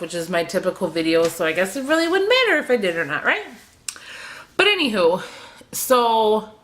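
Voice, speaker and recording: A woman's voice: on the low side, fairly bright tone. Hesitant young woman, emotional vlog confession. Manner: hesitant and rambling, many fillers and restarts. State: emotional, near tears. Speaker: beauty vlogger.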